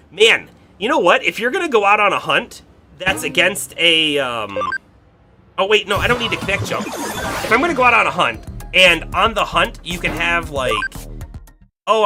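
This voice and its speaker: A man streaming a video game, rambling casually and correcting himself as he goes. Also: on the high side. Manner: rambling, self-correcting, laughs often. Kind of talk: casual gameplay commentary.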